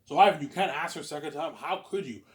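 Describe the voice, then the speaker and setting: A man vlogs in a fast, animated casual monologue, answering his own questions. He rambles and repeats himself, stammers into restarts, and swings between loud bursts and low mutters.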